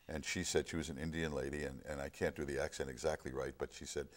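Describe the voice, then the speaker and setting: A man's voice: very deep voice, level tone, fast. A middle-aged man in casual chat, earnestly recounting a personal experience as a guest discussing a film. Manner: reflective storytelling, earnest.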